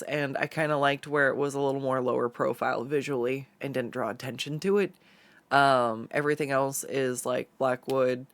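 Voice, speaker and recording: A woman's voice: a bass voice, dry recording. A young woman streamer telling stories in casual chat, laughing often and swearing freely.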